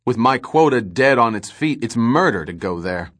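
A man's voice: medium pitch, animated, moderate pace, a bit bright. A man voicing a weary, gloomy male space trader who talks in clipped, wry remarks.

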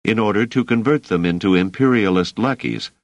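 A man's voice: on the low side, a little fast, dry recording, dull audio, pitched above the performer's own voice, close to an everyday voice. A man doing a weary, bitter rebel leader. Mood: earnest, bitter.

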